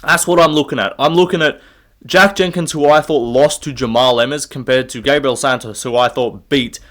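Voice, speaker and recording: A man's voice: mid-range voice, normal speed, a bit bright. A young man, giving his fight picks in a rambling, profane, opinionated solo rant while standing up to record. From Australia. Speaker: MMA fight predictor.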